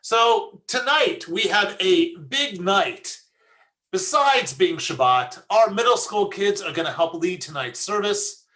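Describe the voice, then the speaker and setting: A man with a high, sharp voice leads an online service from a video call. He talks in a relaxed, chatty way, stopping to tell groan-worthy puns. The sound is a plain call-mic recording. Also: slow. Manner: chatty, jokey, tells corny puns. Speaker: rabbi leading a service. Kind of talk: casual online service hosting.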